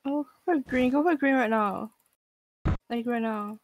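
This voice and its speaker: A young woman chatting casually while gaming, playful and self-mocking with quick exclamations. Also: a little high, phone-quality sound, noisy background. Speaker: gamer.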